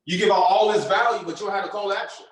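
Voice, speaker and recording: A man with a strikingly high voice delivers a lively motivational lesson. He talks in slang and fires questions at his listeners, pausing for them to answer. His voice rings around an echoey room. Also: slight background noise. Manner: energetic, preachy, uses slang and call-and-response questions. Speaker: trading mentor. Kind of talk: motivational coaching talk.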